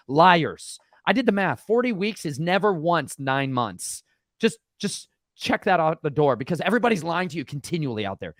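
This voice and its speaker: A man hosting his channel and telling his own story in an animated, rambling way. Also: a little high, no echo, clean studio sound. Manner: rambling and excitable, slipping into mock voices. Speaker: channel host. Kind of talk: animated personal testimony.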